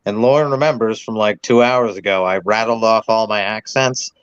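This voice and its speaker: A man's voice: on the low side, moderate pace, clean tone, no room sound, dull audio. Crude joking man on a stream. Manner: crude joking, shows off voices. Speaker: panelist. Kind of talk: casual live-stream chat.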